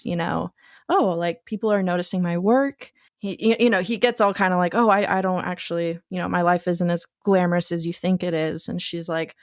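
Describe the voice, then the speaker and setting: A woman's voice: on the low side, no echo, clean studio sound. A young woman co-hosting a casual film podcast, eagerly retelling scenes she loved. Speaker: podcast co-host.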